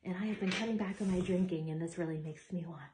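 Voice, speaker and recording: A woman's voice: lowish voice, fast, mellow. A young woman chatting casually while she assembles furniture, exasperated and swearing now and then. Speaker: vlogger.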